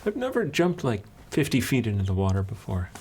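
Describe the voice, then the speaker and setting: A man's voice: mid-range voice, huge pitch swings, brisk, darkish tone, slight background noise. A man voicing a big, hairy male bugbear, a friendly brute who speaks bluntly and plainly. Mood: plainspoken.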